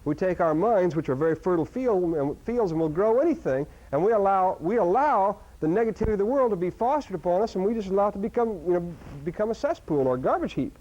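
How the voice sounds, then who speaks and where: A man giving a live seminar talk to an audience, animated, with sudden loud outbursts and frequent restarts. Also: high-pitched, fast talker, few pauses. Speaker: seminar speaker. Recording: dull lo-fi recording.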